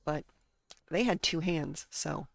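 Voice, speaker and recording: Gravelly, low-voiced woman, blunt and sarcastic. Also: slow pace, no echo. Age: adult, married. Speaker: gaming streamer. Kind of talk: casual venting while streaming a game.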